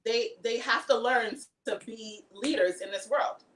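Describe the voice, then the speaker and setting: A woman's voice: fairly high pitch, a little slow, over a noisy crowd, poor audio. Earnest woman guest talking about art and parenting. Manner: earnest, reflective, laughs easily. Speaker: guest, artist and comedian. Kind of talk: casual interview chat.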